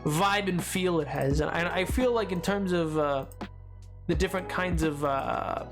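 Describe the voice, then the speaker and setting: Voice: medium pitch, measured pace. A streamer from Britain chatting casually on a live stream, rambling and playful, often breaking off mid-thought. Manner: rambling, playful, self-interrupting. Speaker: game streamer. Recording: stream audio with music underneath. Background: background music from the stream.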